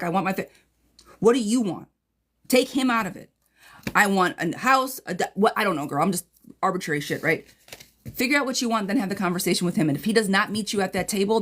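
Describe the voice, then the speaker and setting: A woman tarot reader in a casual live-stream replay, answering viewers' questions in a blunt, chatty way and calling them girl and friend. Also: mid-range voice.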